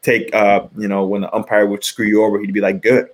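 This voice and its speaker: A middle-aged man with a low voice talks casually on a podcast. He rambles, restarting his sentences and leaning on fillers as he goes. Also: completely flat delivery, fast talker. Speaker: podcast co-host, former college pitcher. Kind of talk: casual sports chat.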